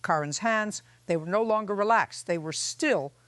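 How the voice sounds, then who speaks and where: Measured woman narrating as a judge. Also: medium pitch, a bit bright, no room sound. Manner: measured, reflective. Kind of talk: scripted narration.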